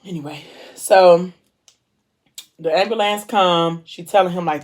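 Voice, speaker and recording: A woman book vlogger casually recapping a novel's plot in an emotional, animated way, with informal slang. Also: lowish voice, measured pace.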